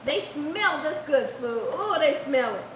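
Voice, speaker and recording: A woman's voice: high voice, expressive, unhurried, echoey room, slight background noise, rough recording. A woman hosting a live cooking stream, chatty and laughing often as she reads the chat aloud. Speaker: cooking channel host. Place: home kitchen.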